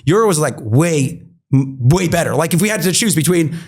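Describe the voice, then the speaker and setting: A man with a fairly high voice tells a story as a podcast guest. He is animated and filler-heavy, and he slips into quick acted-out bits of dialogue. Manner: animated, many fillers, acts out quoted dialogue. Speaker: podcast guest, marketing entrepreneur. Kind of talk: storytelling anecdote.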